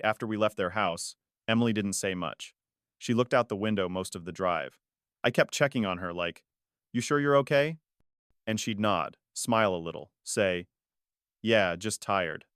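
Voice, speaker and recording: A man reading a first-person family story aloud in a measured, dramatic way. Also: fairly low pitch, fairly bright tone, no room sound, studio quality. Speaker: story narrator. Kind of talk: scripted narration.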